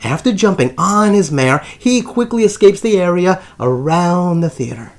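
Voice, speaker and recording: A male host narrates a historical tale in a scripted, theatrical way. His voice sits a little high and rises and falls a great deal. He stretches out tense moments with slow, deliberate pauses. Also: animated. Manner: dramatic storyteller, slow drawn-out suspense pauses.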